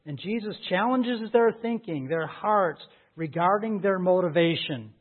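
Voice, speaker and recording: A pastor delivering a sermon in a high, light male voice. He preaches earnestly and presses his listeners with rhetorical questions. The sound is thin and tinny, as if heard over a phone line. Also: expressive, a little slow.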